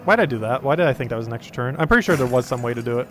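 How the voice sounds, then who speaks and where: A man's voice: medium pitch, expressive, very fast, a little hiss or hum. A man in his twenties with a New Jersey accent, casually commenting on a game he is playing live. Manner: casual, self-chatting. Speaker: game streamer.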